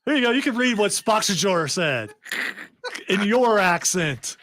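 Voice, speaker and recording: Высокий голос радиоведущего. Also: male voice, high-pitched, very animated, a little slow, fairly bright tone. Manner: joking, rambling, reads news items. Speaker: radio talk show host. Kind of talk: casual radio banter. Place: radio studio. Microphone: studio mic.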